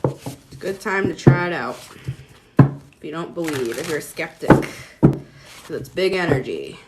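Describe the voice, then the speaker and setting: A woman's voice: low-pitched, lively intonation, unhurried, very noisy. A woman giving a casual livestream tarot reading, chatting with viewers and using lots of "like". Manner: chatty, talks to viewers, many "like"s.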